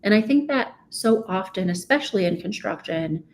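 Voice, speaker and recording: A woman's voice: medium pitch, animated, moderate pace, creaky, a little hiss or hum. Emphatic woman business coach. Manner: emphatic, repeats "right?", laughs often. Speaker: author and business coach, guest. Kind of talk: podcast interview.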